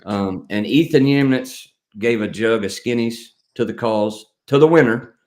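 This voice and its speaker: A man hosting a casual live stream, joking around, rambling and reading viewer comments out loud. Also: medium pitch, a little slow.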